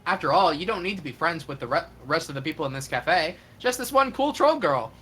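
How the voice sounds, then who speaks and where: A streamer reading a game's narration aloud in a lively live stream, with comic emphasis. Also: mid-range voice, a little fast, husky.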